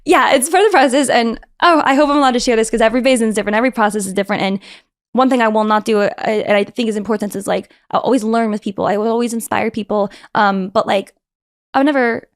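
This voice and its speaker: A young woman guest on a podcast telling her story in a fast, animated way, full of fillers. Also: fairly high pitch, no echo, clean studio sound. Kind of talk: casual interview talk.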